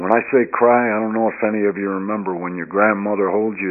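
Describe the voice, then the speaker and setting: A man's voice: on the low side, flat delivery, fast, hardly any pauses. Earnest man telling his recovery story. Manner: earnest storytelling that swings between hushed and loud, emphatic passages. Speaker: speaker sharing his recovery story at a recovery meeting. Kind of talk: personal testimony talk. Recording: dull lo-fi recording.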